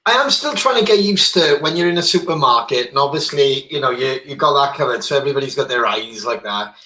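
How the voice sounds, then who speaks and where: A man's voice: mid-range voice, expressive, fast, bright, forceful tone. A man co-hosting, musing aloud and rambling a bit in casual podcast banter on a video call. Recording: echoey room.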